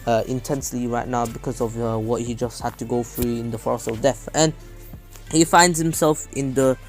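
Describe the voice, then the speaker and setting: A young man narrating a fan story off the cuff, halting and full of restarts. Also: mid-range voice, fairly even intonation, faint music behind. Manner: halting, many fillers and restarts.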